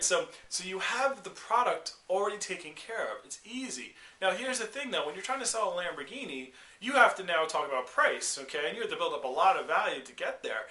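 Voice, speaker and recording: A man delivers a motivational sales lesson in a forceful, bright voice that sits a little high. He keeps asking "okay?" and "all right?" and acts out quick scenes with customers. The room around him is echoey. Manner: energetic, repetitive, frequent "okay?" and "all right?" check-ins. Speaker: sales trainer.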